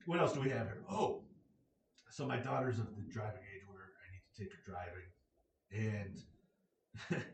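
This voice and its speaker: A man's voice: mid-range voice, a little hiss or hum. A middle-aged American man hosting a casual solo podcast, rambling and joking with blunt opinions. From United States. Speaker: podcast host. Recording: echoey room, mic at a distance.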